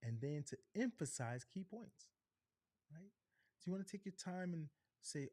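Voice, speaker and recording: A middle-aged man coaching a live online workshop, animated, deliberately shifting his pace and pitch and often checking in with "right?". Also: dry recording, studio quality. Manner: animated, varies pitch and pace on purpose, frequent "right?" tags. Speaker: on-camera presentation coach.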